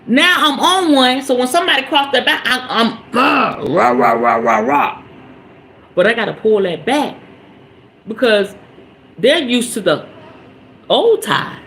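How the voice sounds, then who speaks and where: A woman's voice: a little high, lively intonation, unhurried, fairly bright tone, slight background noise, low-quality recording. A woman hosting a spiritual podcast, giving an emphatic, preachy motivational talk straight to her listeners.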